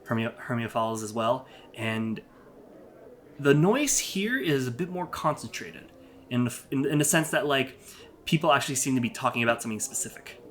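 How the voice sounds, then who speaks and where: A man's voice: medium pitch, animated, moderate pace, a bit bright, a little hiss or hum. A man narrating a tabletop game as dungeon master, rambling with fillers and restarts.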